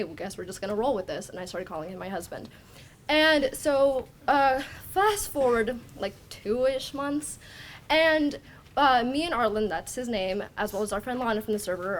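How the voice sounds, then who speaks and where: A teenage girl tells a personal story on stage in a rambling, self-deprecating way, acting out her own thoughts as she goes. Her voice sits a little high. A faint hiss of noise runs underneath. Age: teens. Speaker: student storyteller.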